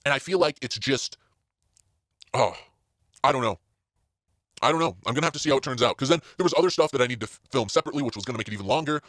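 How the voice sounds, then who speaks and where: A man's voice: mid-range voice, animated, very fast, long pauses, a bit bright, dry recording, studio quality. A man hosting a casual solo podcast from inside a parked car, rambling along with plenty of fillers and restarts. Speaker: podcast host.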